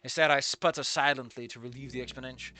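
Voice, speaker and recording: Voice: mid-range voice, steady tone, fast talker, sharp tone, no echo. A fanfic reader reading aloud with casual, profane, jokey asides and live commentary.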